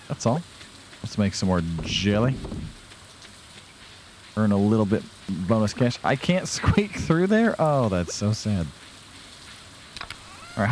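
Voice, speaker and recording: A young man with a lowish, somewhat dark voice chats casually with viewers about his farming game, joking at his own expense. He sounds a little tired and yawns now and then. He's a let's play host, and there's faint background noise.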